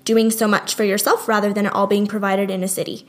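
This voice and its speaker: A woman's voice: mid-range voice, little pitch movement, fast. A young woman talking casually in a conversation, chatty and laughing easily. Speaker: guest.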